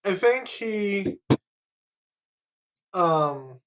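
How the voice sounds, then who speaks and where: A player in a tabletop game, speaking slowly and hesitantly with many restarts. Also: medium pitch, lively intonation, fairly bright tone. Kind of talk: casual tabletop chat.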